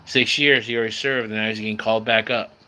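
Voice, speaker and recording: A man's voice: lowish voice, fairly even intonation, fast, sharp tone. A man from San Diego, hosting a casual livestream and chatting with viewers in a laid-back way, calling everyone bro and dude. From San Diego, California. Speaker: livestream host. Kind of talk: casual live-stream chat with viewers. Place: at home near a screen door.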